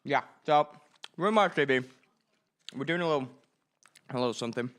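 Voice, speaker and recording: A man's voice: medium pitch, expressive, fairly quick, a bit bright. Young man, student show host, casual chat, joking, calls out to the crew. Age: young adult. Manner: chatty, joking, directs the crew. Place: hot student studio.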